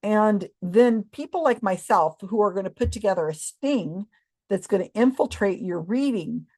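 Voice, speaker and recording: A woman's voice: mid-range voice, darkish tone. A woman in casual chat, skeptical, sighing and scoffing as she argues a point. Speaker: co-host.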